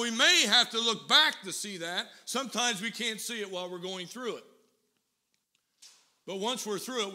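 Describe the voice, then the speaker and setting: Guy preaching in church, high bright voice, builds up intensity telling a story. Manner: storytelling with rising intensity and emphatic pauses. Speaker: pastor. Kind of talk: sermon.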